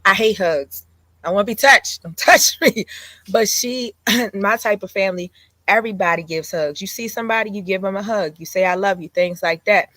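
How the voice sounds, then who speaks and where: A woman's voice: medium pitch, normal speed, sharp tone, no echo. Blunt woman in her thirties, dry sound. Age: 30s. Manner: blunt, laughs between lines. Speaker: podcast guest. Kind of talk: casual chat.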